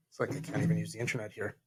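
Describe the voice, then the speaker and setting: Brief: male podcast co-host, casual chat, halting delivery full of fillers. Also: lowish voice, slight background noise. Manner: reads facts aloud haltingly, with many fillers.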